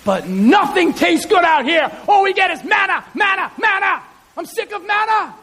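A man's voice: extremely high pitch, moderate pace, some chatter behind, pitched above the performer's own voice. A man voicing a whining ancient Israelite who nags and complains about the food. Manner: whiny, nagging, exasperated. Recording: hall reverb with faint hiss.

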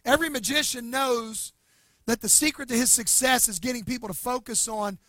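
A man pastor preaching a sermon with emphasis, swinging between loud bursts and hushed, slow lines. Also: very high voice, no room sound.

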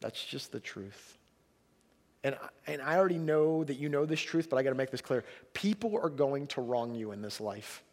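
A man's voice: mid-range voice, expressive, normal speed, in a large hall. A man preaching a sermon in a conversational way, retelling a scripture story and pushing hard on its key lines. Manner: conversational preaching, rising emphasis on quotes. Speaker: pastor.

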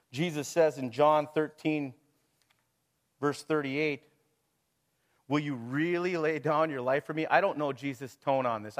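A middle-aged man preaching at a mid-range pitch. He talks his congregation through the passage in an easy, conversational way. He poses rhetorical questions and chuckles between them. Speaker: pastor. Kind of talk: sermon.

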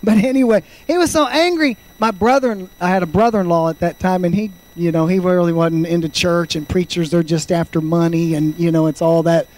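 High-voiced fervent preacher man in his fifties. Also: fairly even intonation, a little fast, hardly any pauses, low-quality recording. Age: 50s. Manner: fervent preaching, swings from loud shouts to quiet storytelling. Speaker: pastor. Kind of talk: sermon.

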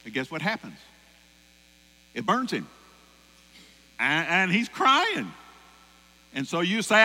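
A man preaching a sermon, animated, acting out voices and singing lines. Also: sits high, takes it slowly, pauses often. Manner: animated, acts out voices and sings song lines. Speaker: pastor. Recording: long hall reverb with mains hum.

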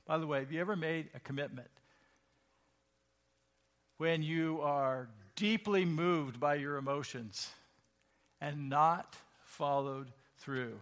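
A man's voice: fairly high pitch, takes it slowly, long pauses, a bit bright. A male pastor preaching a sermon in a conversational, emphatic way, asking the congregation questions.

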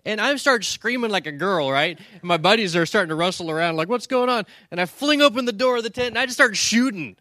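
A man telling a lively story with many restarts, building toward a lesson. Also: high voice, fast talker, hardly any pauses, dry recording, clean studio sound. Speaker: speaker. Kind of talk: storytelling sermon.

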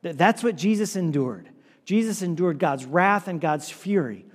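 A man preaching a sermon as pastor, earnest and repetitive, sometimes dropping his voice low and quiet for emphasis. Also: lively intonation, normal speed. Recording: long hall reverb.

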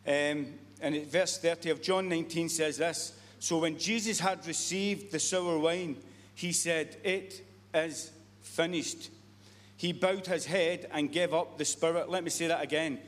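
A man's voice: fairly high pitch, steady tone, moderate pace. A man preaching a sermon, earnest and repetitive, often restarting his sentences. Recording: long reverb of a hall.

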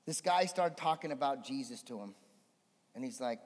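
A man preaching a sermon as a pastor, swinging between animated emphasis and hushed storytelling. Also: mid-range voice, moderate pace. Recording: long hall reverb.

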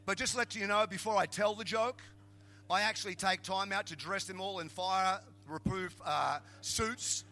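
A middle-aged Australian man preaching a humorous sermon as a pastor, telling jokey stories in an animated way and building to emphatic shouts. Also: high-pitched, moderate pace.

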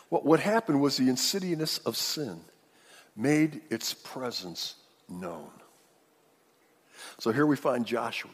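A man preaching a sermon, acting out the quotes dramatically with big swings between loud and hushed. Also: medium pitch. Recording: long hall reverb.

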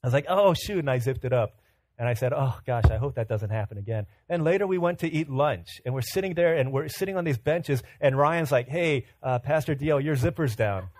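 A pastor giving a sermon, telling humorous self-mocking stories with animation, then turning earnest and quieter as he exhorts. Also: mid-range voice, fairly quick.

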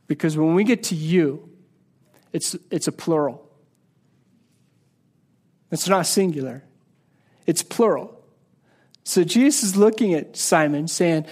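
A man delivers a sermon with a voice sitting fairly high for a male speaker. His teaching is casual and conversational rather than formal, with frequent repeats and restarts as he unpacks the text. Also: a little mellow. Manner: repeats and restarts words while explaining. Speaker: pastor.

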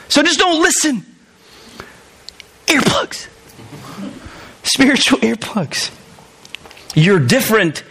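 A pastor with a strikingly high voice preaches in his church. He jokes with the congregation, then leans hard into his points with emphatic repetition. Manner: animated, joking, emphatic preaching. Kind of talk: sermon.

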